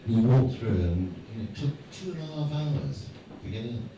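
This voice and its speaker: A man's voice: mid-range voice, expressive, normal speed. Rambling, jokey man on an echoey stage. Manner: jokey, self-mocking, rambling storyteller. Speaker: guest speaker at a fan event. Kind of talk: anecdotal stage banter with the audience. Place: large hall before a live audience. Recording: echoey hall, distant mic, noisy.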